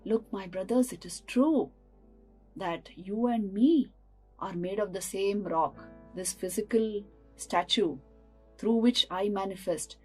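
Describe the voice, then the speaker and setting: A woman voicing a calm, wise male deity who speaks from a temple statue and patiently explains himself to the steps. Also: mid-range voice, slow pace, slightly rough, soft background music, rough recording. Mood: gentle, explaining.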